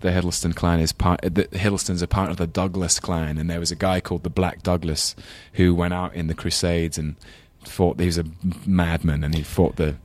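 A man's voice: low voice, level tone, normal speed, hardly any pauses, darkish tone, no room sound. A man with an English London accent, a guest on a talk show, chatting in a thoughtful, rambling way and laughing easily. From England. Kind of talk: casual chat.

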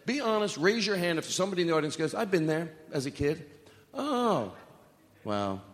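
Speaking at a normal pace, this comedian has a voice on the high side and is very animated. He's doing a live set on a comedy club stage, rambling, swearing, and trading self-deprecating jokes with the crowd. Long reverb fills the echoey hall.

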